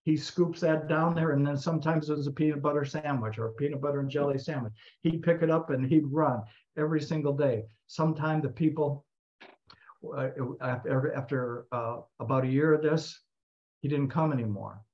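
A man telling a story in a talk, narrating in an animated way and voicing the people in it. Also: on the high side, normal speed. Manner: animated narration with voiced quotes. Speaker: speaker. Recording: slightly muffled recording.

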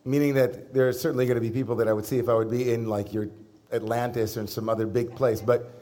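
Male rabbi, mid-pitched, easygoing, joking sermon voice, natural pauses. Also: level tone, mellow. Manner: conversational, humorous, with pauses and fillers. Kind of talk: sermon with personal storytelling. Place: synagogue service before a congregation.

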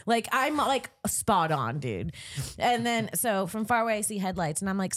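A woman's voice: medium pitch, animated, normal speed, no room sound, studio quality. A woman comedian co-hosting a podcast, telling a story in a casual way, acting out quotes, swearing and laughing often.

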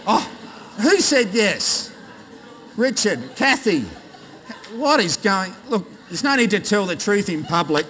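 Australian male pastor, bright high voice, playful with the congregation, sermon in a long-echo hall. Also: animated, moderate pace. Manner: jokey, quizzes the congregation. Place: large church hall. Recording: reverberant church hall.

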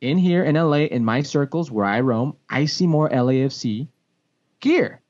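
A man, a sports broadcaster and former pro soccer player, telling a story in a casual podcast chat, with big pitch swings and frequent restarts. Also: expressive, normal speed, a little mellow. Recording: dull lo-fi podcast audio.

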